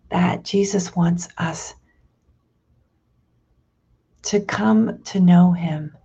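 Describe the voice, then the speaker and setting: A woman reads scripture, reflects on it and leads a prayer, slow and thoughtful, with hesitant restarts. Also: lowish voice, creaky, warm tone, slightly rough, lo-fi sound. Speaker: prayer leader.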